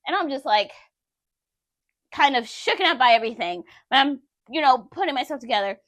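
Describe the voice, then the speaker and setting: A woman with a fairly high voice recounts a personal story straight to the camera. She talks candidly and conversationally, speaking directly to her viewers. The recording is close and dry, with almost no room sound. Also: lively intonation, fairly quick, fairly bright tone, no room sound. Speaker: vlogger.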